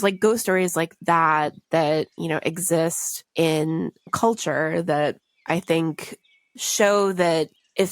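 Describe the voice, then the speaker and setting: Woman on a movie podcast, low voice, dry close sound, says like and um a lot. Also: creaky, dry recording. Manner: thoughtful, many fillers like "like" and "um". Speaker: podcast co-host. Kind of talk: casual movie discussion.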